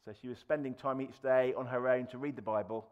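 A man's voice: medium pitch, fairly even intonation, a little fast, muffled recording. A man preaching a sermon in a conversational way, with fillers and restarts, raising his voice to act out quoted lines. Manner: acts out quoted speech with raised voice.

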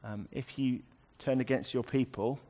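A man's voice: medium pitch, steady tone, moderate pace, mellow. A man preaching a sermon, explaining a scripture passage in a conversational way with wry asides.

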